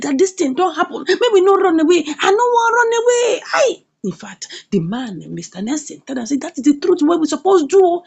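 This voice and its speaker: A Nigerian woman reviewer recaps a comedy series in a casual, animated way. Her high voice leaps all over the place, with a gravelly fry at the ends of phrases. She repeats herself for emphasis and keeps checking in with "eh?".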